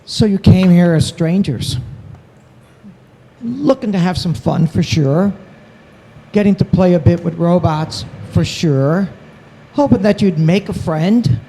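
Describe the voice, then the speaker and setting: A man's voice: high voice, slow pace, warm tone, slight background noise. A man giving an emotional, encouraging speech to students at a summit, speaking into a handheld microphone. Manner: emotional, encouraging, self-deprecating. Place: large event hall at a university.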